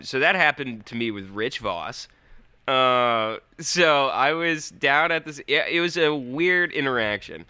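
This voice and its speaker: A man's voice: medium pitch, sharp tone, smooth, no echo. A young man co-hosting a podcast, telling a rambling story in casual chat and swearing freely. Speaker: podcast co-host.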